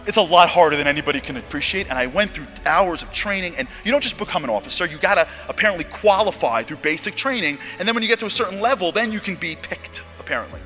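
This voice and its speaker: Animated American man telling a story. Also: sits high, quick pace, few pauses, soft background music. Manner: acts out dialogue, swings from hushed to loud. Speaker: motivational speaker.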